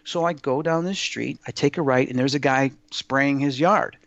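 A man's voice: medium pitch, moderate pace, fairly bright tone, no echo, muffled recording. A man telling personal stories in a casual interview, earnest and rambling, with many fillers and restarts. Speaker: guest sharing personal experiences. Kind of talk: casual spoken storytelling.

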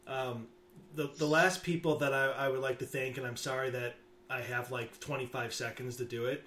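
A man co-hosting a podcast, talking casually in a halting way with many restarts and fillers. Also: medium pitch, fairly even intonation, sharp tone. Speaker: podcast co-host. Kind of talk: casual chat.

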